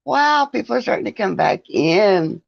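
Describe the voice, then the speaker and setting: A woman's voice: mid-range voice, lively intonation, moderate pace, gravelly, no echo, highs cut off. A woman hosting a casual livestream, chatting with viewers, greeting them by name and laughing often. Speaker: livestream host. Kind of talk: casual live-stream chat with viewers.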